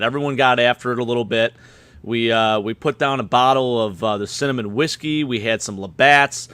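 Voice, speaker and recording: A man, slightly hoarse and a bit tipsy, rambling excitedly about his game day. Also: mid-range voice, no echo. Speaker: guest fan panelist. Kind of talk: casual chat.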